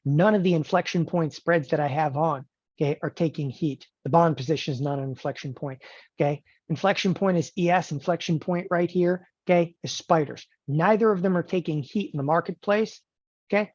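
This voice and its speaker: A man teaching options trading in an animated lecture, emphatic and joking, often checking in with the listener. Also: a little high, a little fast, dry recording. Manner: emphatic, joking, keeps asking "okay?". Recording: dull lo-fi dry recording.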